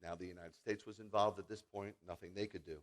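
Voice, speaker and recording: A man in his fifties, a rabbi giving a sermon, telling personal stories in an animated, jokey, emphatic way. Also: sits low, quick pace.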